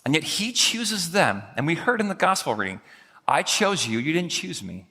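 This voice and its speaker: Man, pastor, sermon, high bright voice, husky edge, long church reverb. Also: moderate pace. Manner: lively, casual storytelling, acting out quoted voices. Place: church sanctuary.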